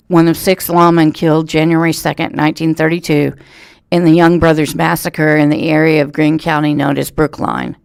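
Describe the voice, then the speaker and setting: A man, reading a local news story aloud in a steady storytelling way for a radio reading service. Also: fairly high pitch, vocal fry, dry recording. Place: thrift store.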